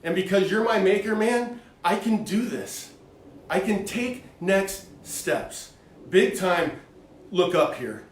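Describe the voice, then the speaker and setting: A man co-hosting a faith talk show, talking in an animated, folksy way and acting out little voices as he preaches. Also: high-pitched, slow pace, reverberant, recorded from a distance, slight background noise.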